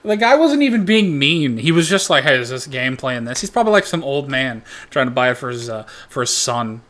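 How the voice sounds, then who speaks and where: A man riffs through a reaction video with loose, profane comedic commentary, constantly looping back on himself and swearing as he goes. His voice sits slightly high for a man. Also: fairly quick. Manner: rambling, animated, swears a lot.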